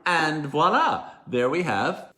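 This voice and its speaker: A man's voice: fairly high pitch, sing-song, slow, sharp tone. A man hosting a casual home bartending vlog, chatty and self-deprecating, with playful emphasis. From New York. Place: home bar.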